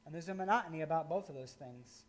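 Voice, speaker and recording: A middle-aged man from rural Indiana preaches in a relaxed, conversational way, full of folksy asides. His voice sits notably high for a man. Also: fast talker. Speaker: pastor. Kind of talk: sermon.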